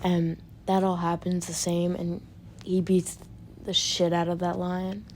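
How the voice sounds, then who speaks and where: Low, mellow woman rambling through a story. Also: level tone, unhurried, slight background noise. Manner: rambling, many fillers and restarts, occasional swearing. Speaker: fan storyteller. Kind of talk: unscripted casual retelling.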